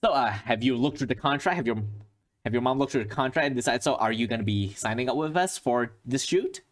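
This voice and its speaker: A man voicing a brash, bossy middle-aged male horror film director who talks smoothly. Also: mid-range voice, expressive, fast talker, natural voice. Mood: smooth-talking. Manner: bossy, upbeat, claps people into place.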